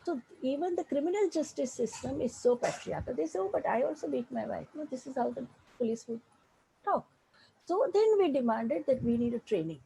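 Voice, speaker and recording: A woman's voice: high-pitched, expressive, brisk, vocal fry, background noise. An older woman with an Indian accent, a women's rights activist speaking earnestly and emphatically in a panel talk, often restarting her sentences, over a video call.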